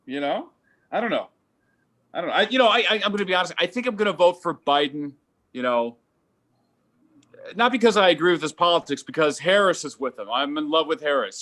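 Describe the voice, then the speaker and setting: A middle-aged man performs a rambling open-mic stand-up set from home over a video call. His voice sits a little high and swings widely. He bursts into loud, exasperated rants. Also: lively intonation, brisk. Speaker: stand-up comedian.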